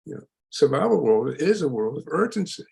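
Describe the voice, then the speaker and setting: Older gravelly-voiced man, lively delivery. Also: on the high side, normal speed. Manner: lively, emphatic, laughs while explaining. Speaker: psychologist guest. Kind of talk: lecture-style interview answers.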